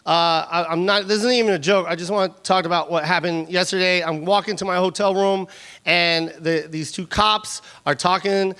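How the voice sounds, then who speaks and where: A middle-aged man performs a stand-up set in a high, bright voice. He talks in animated bursts and stumbles into restarts. He keeps laughing at his own lines. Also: normal speed, clear, resonant tone. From Los Angeles, USA. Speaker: stand-up comedian.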